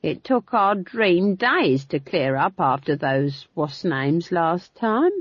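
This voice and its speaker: A woman doing a gossipy older witch in a storybook, homely and colloquial, pitched a little higher and set a little farther off. She speaks slowly and sounds husky. The recording is dull and dry. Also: animated, no room sound, exaggerated voice.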